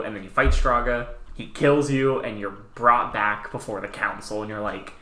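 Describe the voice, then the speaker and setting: A young man co-hosting a casual podcast, talking in an animated way, swearing and slipping into quick quoted voices. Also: lowish voice, echoey room. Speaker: podcast co-host. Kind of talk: casual chat.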